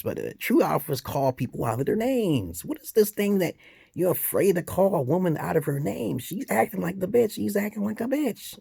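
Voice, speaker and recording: A man delivering a heated, profane vlog rant, his pitch leaping high in outbursts and dropping low into mutters. The sound is dry and close, with no room echo. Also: creaky, mellow, husky. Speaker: vlogger giving dating advice. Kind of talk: ranting commentary vlog.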